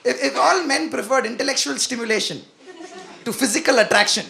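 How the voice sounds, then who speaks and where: A young man performing a stand-up comedy set, animated and self-mocking as he talks to the crowd. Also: very high-pitched, brisk, gravelly, a little hiss or hum. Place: comedy venue with live audience.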